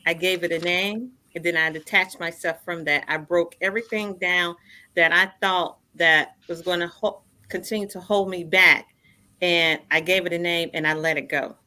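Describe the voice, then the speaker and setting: A woman in her fifties speaks with a bright, forceful tone set a little low. She tells her own story earnestly and leans on repeated phrases to drive her points home. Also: steady tone, normal speed. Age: 50s. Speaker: guest. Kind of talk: personal storytelling in a radio interview.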